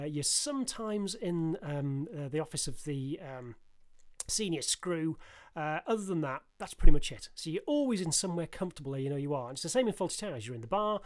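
Lively man explaining sitcoms. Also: on the high side, fairly quick. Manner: lively, laughs often, explains in long runs. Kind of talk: casual chat about sitcoms.

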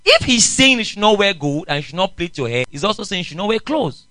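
Man, pastor, animated sermon, lively swooping pitch. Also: fast talker, few pauses, dry recording, low-quality recording. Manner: animated, questions the congregation.

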